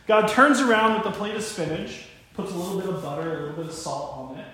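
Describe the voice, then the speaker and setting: A young male pastor giving a sermon, telling stories with animated voices for God and a parent. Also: sits high, fairly quick. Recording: very echoey church room.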